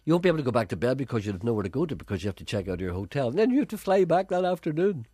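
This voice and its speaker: A man's voice: mid-range voice, big pitch swings, rapid-fire, warm tone, no echo. A man hosting a radio show, teasing and playful in comic banter. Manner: teasing, playful, laughs often. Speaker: radio host.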